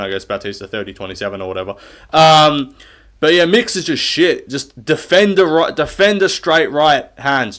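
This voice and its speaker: A man's voice: medium pitch, a bit bright. A young man hosting a casual fight recap, blunt, profane and sarcastic. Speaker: MMA recap host.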